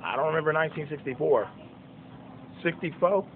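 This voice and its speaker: A man's voice: on the high side, a little fast. Fifties male preacher, casual and emphatic, repeating points with folksy rhetorical questions, tinny lo-fi phone audio. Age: 50s. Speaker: preacher and songwriter. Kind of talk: informal preaching monologue.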